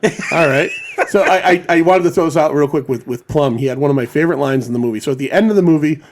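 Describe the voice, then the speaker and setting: A man with a slightly higher voice chats casually on a film podcast. He rambles and swears freely, restarting his sentences as he retells scenes. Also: fast, slight background noise. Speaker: podcast host. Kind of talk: casual chat about a film.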